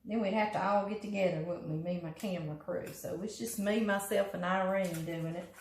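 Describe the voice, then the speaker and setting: A woman's voice: mid-range voice, steady tone, fairly quick, darkish tone, reverberant, a little hiss or hum, rough recording. A woman with a Southern accent, hosting a home cooking show in casual, folksy chat and laughing often. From Louisiana. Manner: chatty, folksy, laughs often, calls food "him". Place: home kitchen.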